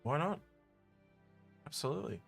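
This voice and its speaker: A man co-hosting a casual gaming podcast, reading out viewer questions and musing about them in a relaxed way that often trails off. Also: a little high, normal speed, gravelly, breathy edge, faint music behind.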